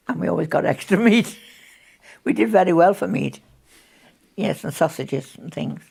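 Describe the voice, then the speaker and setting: Gravelly older woman. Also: lowish voice, animated, slow, pauses often, darkish tone. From Birkenhead, England. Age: 80s. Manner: chatty storyteller, laughs often. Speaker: interviewee. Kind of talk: recalling wartime memories in conversation.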